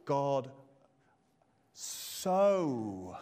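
A man delivering a sermon at an unhurried pace. He speaks reflectively and leans on repeated phrases to drive each point home. His voice sits at a middle pitch. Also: expressive, a little mellow. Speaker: preacher.

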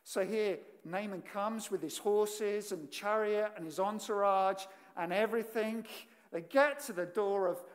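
A preacher giving a sermon, emphatic, swinging from loud declarations to hushed, quiet lines. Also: medium pitch. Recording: long reverb in a large hall.

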